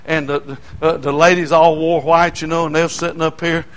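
An older preacher with a high, bright voice. He tells folksy stories from the pulpit in an animated sermon and breaks into shouts. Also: brisk. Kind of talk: sermon storytelling.

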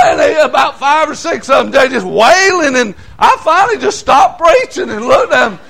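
Older man, high voice, animated folksy preacher, shouts for emphasis. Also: normal speed, vocal fry, few pauses. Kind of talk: sermon storytelling.

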